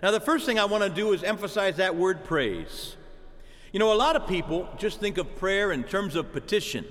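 A man preaching a sermon to his congregation, animated and calling out to the church for an amen. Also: high voice, moderate pace, in a large hall.

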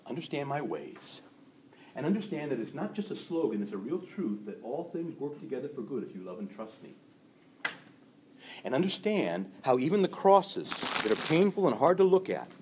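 A male preacher delivers a sermon with a lively, wide-ranging pitch over a voice of middling height. He talks animatedly and slips into quick impressions of the people he describes. A faint noise sits under the recording. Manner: animated, acts out gossiping voices.

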